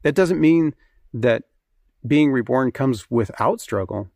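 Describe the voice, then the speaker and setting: A man's voice: medium pitch, lively intonation, slow, darkish tone, dry recording. Earnest man preaching in a dry room. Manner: earnest, conversational, with fillers and restarts. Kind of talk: sermon with scripture reading.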